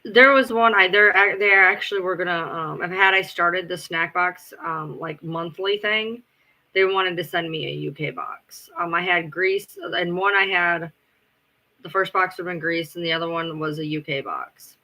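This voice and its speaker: Bright-voiced, swearing streamer guy. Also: high-pitched, steady tone, moderate pace. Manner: rambling, profane, answers chat. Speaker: live streamer. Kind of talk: casual live-stream chat.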